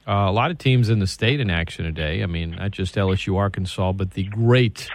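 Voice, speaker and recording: Sports radio guy, teasing and quick with jokes, dry studio sound. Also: low-pitched, no echo. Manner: wisecracking, teasing.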